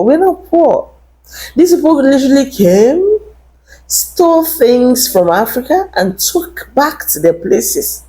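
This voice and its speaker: A woman's voice: fairly high pitch, very animated, unhurried, mellow. A woman vlogger talking to camera in an opinionated rant, emphatic and indignant, repeating her points.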